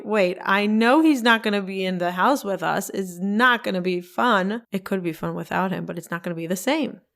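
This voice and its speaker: A woman in her forties hosting a solo podcast, telling a personal story in an emotional, expressive way and acting out her own past words. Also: mid-range voice. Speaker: podcast host.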